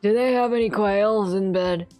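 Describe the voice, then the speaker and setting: A woman voicing a gravelly old man in game dialogue on a stream, grumbling dry asides. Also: medium pitch, moderate pace, mellow, faint music behind, pitched below the performer's own voice, lightly acted. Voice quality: graspy, gravelly put-on voice.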